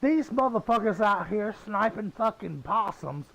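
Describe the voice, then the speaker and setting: Southern guy in his 50s, raspy gravelly voice pitched kinda high, cussing up a storm mid-game. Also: expressive, a little slow, fairly bright tone, rough recording. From Southern United States. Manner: heated, swearing, blunt. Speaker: gamer. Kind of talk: profane casual rant while gaming.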